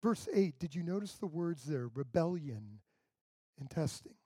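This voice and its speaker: A man's voice: on the high side, lively intonation, unhurried, dark tone, slightly rough, dry recording. A male pastor preaching a sermon in a conversational way, acting out the people he quotes.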